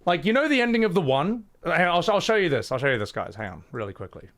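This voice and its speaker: Animated, chatty male streamer in his thirties. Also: a little high, quick pace. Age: 30s. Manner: animated and chatty, laughs often. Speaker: game streamer. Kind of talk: casual live-stream chat.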